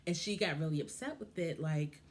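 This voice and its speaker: A woman's voice: low-pitched, expressive, a little fast. A woman vlogger giving casual, impassioned and frustrated commentary on a reality show.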